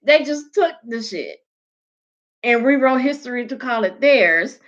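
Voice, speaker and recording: A woman's voice: fairly high pitch, lively intonation, unhurried. A woman vlogger giving casual, heated, profane commentary in a blunt manner, on muffled lo-fi audio.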